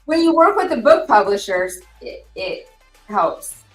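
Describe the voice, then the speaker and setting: A woman, a podcast panelist, chatting in quick bursts about a game. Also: mid-range voice, very animated, faint music behind. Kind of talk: casual podcast banter. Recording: roomy echo.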